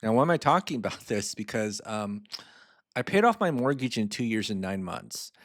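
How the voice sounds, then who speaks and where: A man's voice: fairly low pitch, very animated, moderate pace, no echo, clean studio sound. Chatty man explaining finance casually. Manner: chatty and informal, lots of fillers and asides; walks through a spreadsheet on screen. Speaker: host of a personal finance channel.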